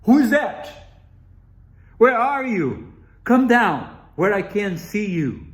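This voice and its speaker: A man's voice: medium pitch, animated, slow pace, dark tone. A man voicing a blunt male wolf who leads the animals in a told story. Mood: calling out.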